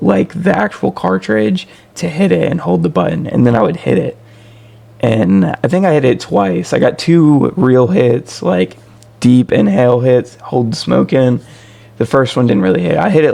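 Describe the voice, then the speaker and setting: A man tells a story in a casual, rambling way, with fillers and restarts. His voice is deeply gravelly, full of vocal fry. His pitch swings widely as he talks. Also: warm tone. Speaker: vlogger.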